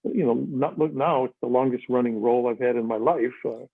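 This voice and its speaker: An older man telling stories as a guest, lively and animated, switching into other voices for quotes. His voice is a little husky and comes through a dry, tinny phone-like line. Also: medium pitch, fairly quick, no echo. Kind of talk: casual storytelling chat.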